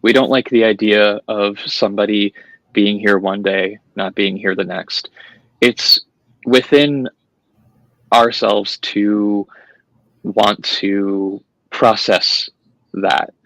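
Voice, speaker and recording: A low, gravelly male voice, recorded dry and close. He talks as a podcast guest, thoughtful and earnest. He comes from an Italian-American family. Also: fairly even intonation, takes it slowly, fairly bright tone, no echo, low-quality recording. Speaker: podcast guest, paranormal investigator. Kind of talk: casual chat.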